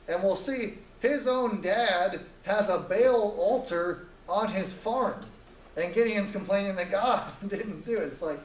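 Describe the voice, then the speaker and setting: A man's voice: high-pitched, a little slow, reverberant, distant mic, a little hiss or hum, low-quality recording. A man teaching a Bible story in a casual, joking way, acting out the characters' lines as he retells it.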